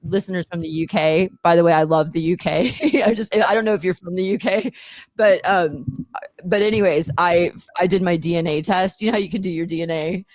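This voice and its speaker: A woman's voice: fairly low pitch, brisk, a little mellow, no echo. A middle-aged American woman, an attorney, chatting casually on a podcast, rambling with many fillers and frequent laughs. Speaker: attorney and author, podcast regular.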